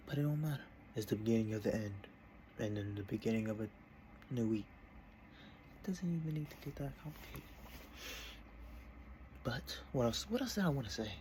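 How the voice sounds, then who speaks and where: A man's voice: fairly low pitch, a little mellow, slight background noise. A young man in a casual vlog, talking from his desk in a meandering, self-interrupting way. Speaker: vlogger.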